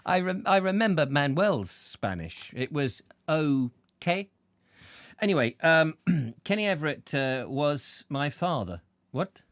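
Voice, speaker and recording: Male host, chatty and goofy, lively fairly high voice. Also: slow, no echo, clean studio sound. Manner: rambling, playful, stumbles over names and jokes around. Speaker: show host. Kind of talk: chatty live-stream banter.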